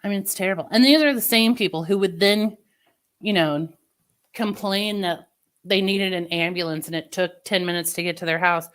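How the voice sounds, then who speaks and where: A woman's voice: lowish voice, normal speed. A woman livestreamer in casual chat with her viewers, venting opinions in a chatty way. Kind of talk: casual live-stream chat.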